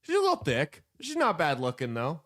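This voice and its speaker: A joking man hosts a casual comedy podcast in a slightly high voice. He talks loosely and sometimes jumps into loud bursts while reading his ad spots. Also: wildly swooping pitch, fairly quick. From United States. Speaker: podcast host.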